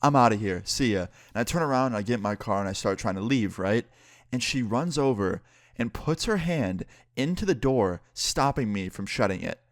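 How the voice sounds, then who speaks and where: A young man telling a storytime to his channel in a casual, excited way with a lot of swearing. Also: medium pitch, normal speed, no echo, studio quality. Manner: casual, profane, excited retelling. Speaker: YouTuber. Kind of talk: storytime monologue.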